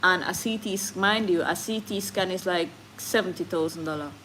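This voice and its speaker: A woman's voice: on the low side, brisk, fairly bright tone, slight background noise, poor audio. A woman with a Jamaican accent chatting candidly on a live stream, slipping into patois as she talks. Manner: candid, switching into patois, reads viewer comments. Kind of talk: casual live-stream chat.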